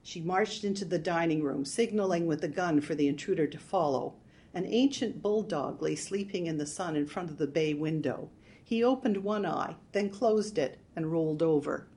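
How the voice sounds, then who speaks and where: A woman reading a comic novel aloud, narrating with expressive, wry delivery. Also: low voice, moderate pace. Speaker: audiobook narrator. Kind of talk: scripted narration.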